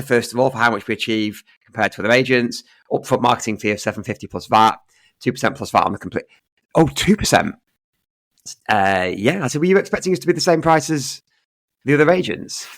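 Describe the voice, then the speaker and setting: A man's voice: on the low side, fairly bright tone, no echo. Storytelling man, casual podcast chat. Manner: storytelling, acting out both sides of conversations. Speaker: estate agent, podcast co-host.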